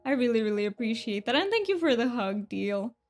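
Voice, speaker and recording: Chatty woman game streamer, higher voice. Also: sing-song, fairly quick, faint music behind. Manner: chatty, self-deprecating, reads chat aloud. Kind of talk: casual live-stream chat.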